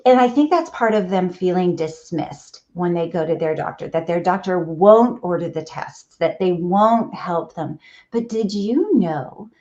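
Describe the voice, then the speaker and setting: A woman's voice: fairly low pitch, a little slow, darkish tone. A middle-aged woman physician, speaking in an interview and explaining in an emphatic, earnest way. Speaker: physician guest. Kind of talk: conversational interview. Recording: dull lo-fi audio.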